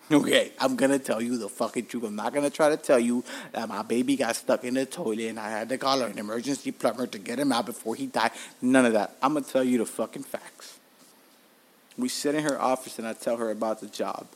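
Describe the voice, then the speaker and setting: Male podcast host, 30s, mid pitch, casual, profane, animated storyteller. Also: fairly quick. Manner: profane, animated, tells stories with acted-out quotes.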